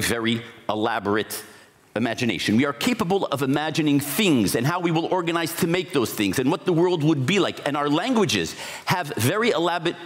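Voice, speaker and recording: A man speaks from a conference stage, his pitch swinging widely as he works through his points. His delivery is reflective and explanatory, with the odd restart. The sound carries a long reverb from a large hall. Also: fairly bright tone. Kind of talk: conference talk.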